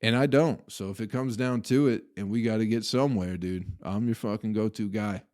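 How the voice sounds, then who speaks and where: A man's voice: on the low side, fairly quick. A young man hosting a podcast, casually telling a profane, laughing story about a party. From Flint, Michigan. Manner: profane, laughing, animated retelling. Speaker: podcast host.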